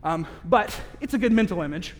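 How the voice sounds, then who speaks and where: A man preaching a sermon in a candid, conversational way, with self-aware asides and slow, emphatic stress on key phrases. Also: high-pitched, expressive. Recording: long reverb of a large hall.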